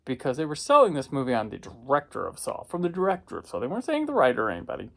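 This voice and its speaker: Animated man telling a rambling story. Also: medium pitch, racing, vocal fry. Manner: rambling, self-correcting anecdote telling. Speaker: home video reviewer. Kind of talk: casual storytelling.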